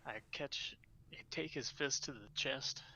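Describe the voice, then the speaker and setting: A man's voice: medium pitch, unhurried, gravelly, pushed and bright. A man playing a tabletop role-playing game, confidently describing what his character does. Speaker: player. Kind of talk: casual tabletop play.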